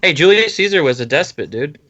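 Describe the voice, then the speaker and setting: A man's voice: fairly high pitch, animated, a little fast, bright, forceful tone, dry recording. Young guy chatting on a podcast, kinda muffled lo-fi, dead dry room. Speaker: podcast co-host. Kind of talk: casual chat. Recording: dull dry lo-fi sound.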